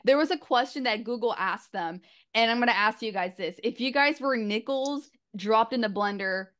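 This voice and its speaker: A woman's voice: a little high, normal speed, fairly bright tone. A young woman interviewing a band in a casual, playful way. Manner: playful, light laughter between questions.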